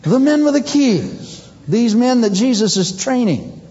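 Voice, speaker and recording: A male preacher giving a sermon in a humorous, animated way, acting out scenes. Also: extremely high pitch, measured pace, muffled recording.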